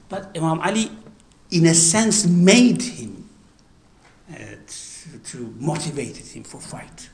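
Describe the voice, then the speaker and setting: A man's voice: a little high, big pitch swings, moderate pace. A man giving a religious history talk, reciting verses and then translating them with frequent restarts. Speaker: religious storyteller. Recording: echoey room, faint noise.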